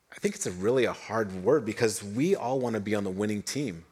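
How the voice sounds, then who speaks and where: A middle-aged man preaching a sermon, telling a Bible story with lively voiced quotes and dropping to soft, low tones for emphasis. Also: brisk, hardly any pauses, husky. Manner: animated storytelling, voicing biblical figures, drops to soft low tones for emphasis. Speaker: pastor.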